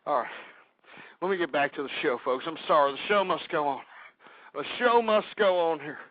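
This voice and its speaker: High-voiced ranting radio host, out of breath. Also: male voice, lively intonation, moderate pace, no room sound. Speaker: radio talk show host. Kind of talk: emotional talk radio monologue. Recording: dry, dull lo-fi radio recording.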